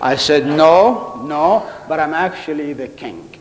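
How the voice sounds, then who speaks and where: Man, high voice, comic speechmaker doing characters, big reverberant hall. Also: lively intonation, slow pace, heavy background noise. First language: Arabic. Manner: storytelling, acting out quoted characters. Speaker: contest speaker. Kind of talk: humorous public speech. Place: large hall on stage.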